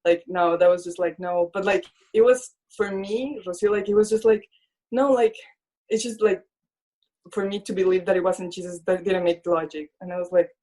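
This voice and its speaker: A woman's voice: lowish voice, steady tone, moderate pace, warm tone. A young woman sharing a personal faith story as a guest, speaking earnestly, leaning on "like" a lot and voicing her own past thoughts as quoted lines. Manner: earnest, fills speech with "like". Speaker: guest, illustrator. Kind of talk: personal faith testimony in conversation.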